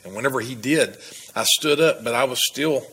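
A man's voice: medium pitch, moderate pace, sharp tone, husky, low-quality recording. A man from Texas, earnestly telling his personal testimony as a guest. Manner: earnest storytelling with laughs and restarts.

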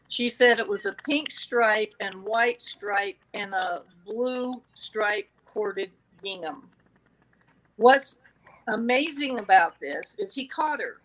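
A woman's voice: mid-range voice, takes it slowly, rough recording. A woman in casual conversation, telling a true-crime story with animation and acting out quoted exchanges. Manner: animated, acts out the quotes from the record.

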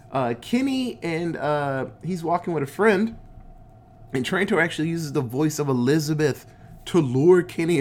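A man casually recapping a movie, laid-back and swearing a lot, acting out the characters' lines in goofy voices. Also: a little high. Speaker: podcast host recapping a movie.

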